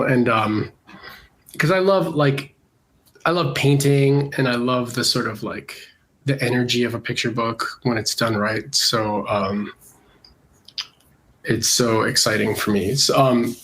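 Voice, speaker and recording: A middle-aged man from Canada, an illustrator with a cold, talking casually in an interview, relaxed and hesitant with many fillers. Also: mid-range voice. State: congested from a cold. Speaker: illustrator guest.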